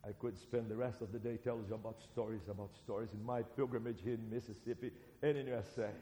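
A man from Brazil with a Brazilian accent, preaching a sermon as a seminary teacher, animated and swinging between loud and soft. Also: fairly low pitch, fast, slight background noise. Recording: reverberant hall.

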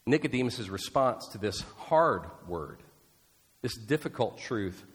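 Lively preaching man in a reverberant hall. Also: mid-range voice, slow. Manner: expressive, emphatic preaching with rhetorical questions. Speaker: pastor. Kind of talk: sermon.

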